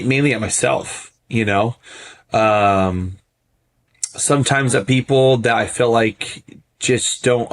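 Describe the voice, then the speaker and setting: A man as a podcast guest, talking candidly and reflectively about himself, often restarting his sentences. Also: lowish voice. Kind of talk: open personal conversation.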